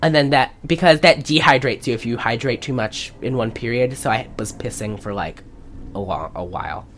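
Speaking in a rumbling low voice at a moderate pace, this young podcast co-host gives a casual movie recap and performs the characters' lines with exaggerated voices.

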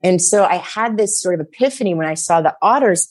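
A woman guest on a talk show, telling stories in a rambling, animated way, full of fillers and laughter. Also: on the low side, brisk, soft background music. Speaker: psychic guest. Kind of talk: casual chat.

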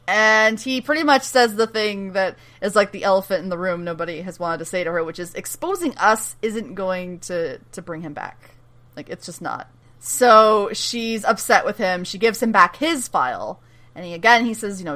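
Bright-voiced woman recapping a show. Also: medium pitch, normal speed. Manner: animated retelling with quoted dialogue and frequent laughs. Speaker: podcast co-host recapping a TV episode. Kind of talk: casual chat.

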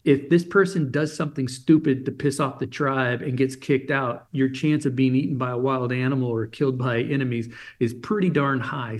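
Animated male storyteller acting out dialogue. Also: mid-range voice. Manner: animated storyteller, acts out quoted dialogue with frequent "he goes". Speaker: interview guest, dream coach. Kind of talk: personal storytelling in an interview.

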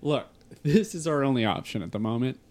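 A man from Toronto, taking part in an improvised tabletop role-play, polite and halting. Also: medium pitch, expressive, darkish tone. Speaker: player.

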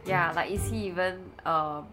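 A woman co-hosting a casual true-crime podcast, chiming in with quiet short remarks. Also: lowish voice, moderate pace, over music. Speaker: podcast co-host.

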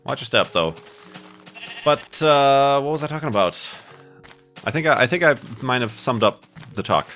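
A man's voice: medium pitch, animated, moderate pace, long pauses, a bit bright, soft background music. A man rambling chattily through casual let's-play commentary with self-mocking asides, a bit stuffy from a cold. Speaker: gaming YouTuber.

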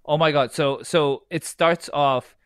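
A man's voice: on the high side, steady tone, a little slow, smooth, no room sound. A man co-hosting a casual podcast, swearing freely, laughing often and trailing off into restarts. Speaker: podcast co-host. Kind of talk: casual chat.

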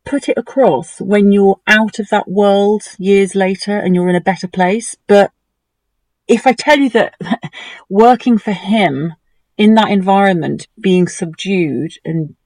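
On a talk show, a female guest shares a hurtful experience from her life, animatedly imitating what others said to her. She speaks at a medium pitch, and the audio is dry and rough.

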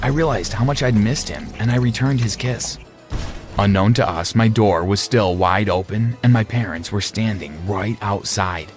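Low-voiced young man narrating a story. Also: moderate pace, music in the background. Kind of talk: first-person story narration.

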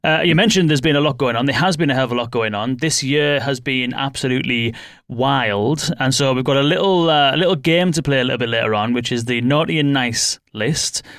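A man's voice: medium pitch, fairly quick, fairly bright tone, dry recording, studio quality. A man hosting a podcast, chatting easygoing and laughing often. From United Kingdom. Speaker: podcast host. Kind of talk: casual interview chat.

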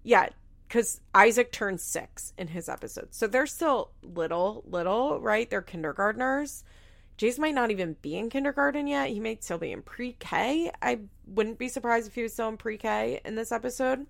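Young female recap host with a gravelly edge, talking frankly and casually. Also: on the high side, expressive, moderate pace. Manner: frank, swears freely, many "like"s. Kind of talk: casual opinionated commentary.

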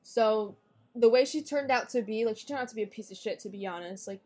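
A woman's voice: fairly high pitch, quick pace, darkish tone. A young woman guest on a podcast, bluntly and profanely retelling a falling-out with friends in casual chat. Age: young adult. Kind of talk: casual storytelling.

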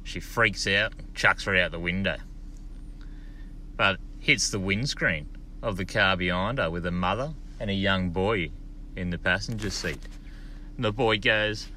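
A man's voice: deep voice, a little slow, sharp tone, slight background noise. An Australian man leaving a recorded voice message from his car, telling a crude yarn in a laconic way. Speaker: caller. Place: in a vehicle on the road.

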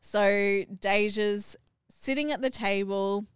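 Middle-aged mum host, animated storyteller, smooth voice, mid pitch. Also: female voice, slow pace, dry recording, studio quality. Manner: animated, acts out what others said, laughs while telling. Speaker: podcast host and mother. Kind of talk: casual family podcast storytelling.

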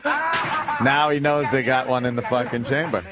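A man's voice: mid-range voice, wildly swooping pitch, measured pace, a loud crowd. A man co-hosting a podcast, chatting casually and profanely while watching a film, laughing often. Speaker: podcast co-host. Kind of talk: casual chat watching a movie.

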